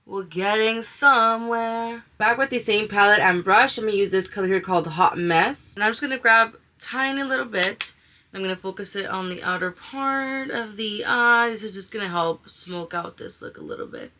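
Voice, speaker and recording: A young woman with a medium-pitched, bright, pushed voice talks at a normal speed through a casual makeup tutorial. She's chatty and gushes over the colors as a beauty vlogger, dropping slang like "she is giving."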